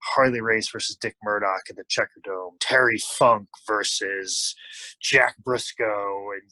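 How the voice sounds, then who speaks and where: A man's voice: on the low side, a little slow, no room sound, low-quality recording. A man telling a long anecdote as an interview guest, acting out the people he quotes. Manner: animated, acts out quoted lines. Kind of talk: casual storytelling.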